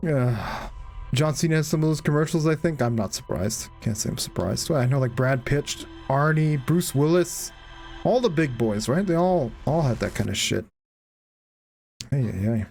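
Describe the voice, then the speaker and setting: A man streaming a video game in casual chat, reacting out loud and swearing freely as he talks with viewers. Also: fairly high pitch, sing-song, unhurried, creaky, pauses often, faint music behind. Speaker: gaming streamer.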